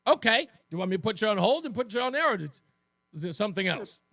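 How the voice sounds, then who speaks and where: A man's voice: big pitch swings, quick pace, creaky, pushed and bright, no room sound. A man hosting a talk radio show, delivering a fiery, mocking monologue and taking callers. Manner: fiery, mocking, mimics others in shrill voices. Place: radio studio.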